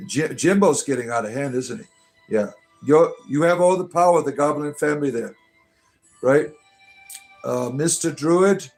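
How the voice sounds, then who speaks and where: A middle-aged man talks casually on a livestream, reading chat aloud in a slightly higher voice. He answers with dry sarcasm and mock sermonizing, often pausing on filler words. Faint music plays underneath.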